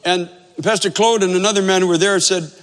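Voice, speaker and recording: Pastor, male, high voice, earnest storyteller, echoing sanctuary. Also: steady tone, brisk, fairly bright tone. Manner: earnest storytelling, repeats phrases for emphasis. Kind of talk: sermon with storytelling.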